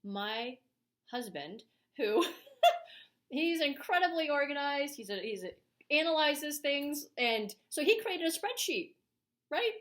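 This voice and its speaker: A middle-aged woman speaks straight to camera in a frank, emphatic vlog, her voice sitting a little high for a woman. She presses her points hard and fills the gaps with ums. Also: big pitch swings, takes it slowly, a bit bright. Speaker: vlogger. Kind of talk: opinionated casual talk to camera.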